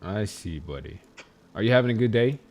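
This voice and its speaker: A young man chatting casually on speakerphone, playfully teasing a friend and then gently talking with his small son. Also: lowish voice, animated, brisk, background noise. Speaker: streamer and father. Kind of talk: casual phone chat.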